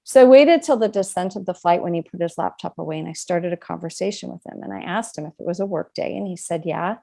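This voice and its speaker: A woman's voice: fairly low pitch, fast talker, vocal fry, mellow. A middle-aged woman, an author guest in an interview, telling a personal story in an earnest, reflective way. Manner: earnest, reflective, acts out quoted dialogue.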